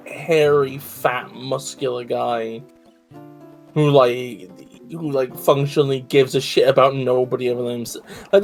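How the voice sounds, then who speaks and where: A man co-hosting a game stream, chatting casually with joking, profane, rambling riffs. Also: medium pitch. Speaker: stream co-host. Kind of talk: casual chat while gaming.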